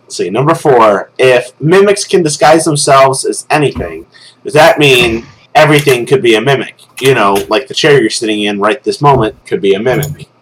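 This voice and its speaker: Animated joking male podcast host. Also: mid-range voice, normal speed, a little hiss or hum, poor audio. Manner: animated, jokey, breaks into loud laughing shouts. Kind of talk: casual group chat, reading listener questions.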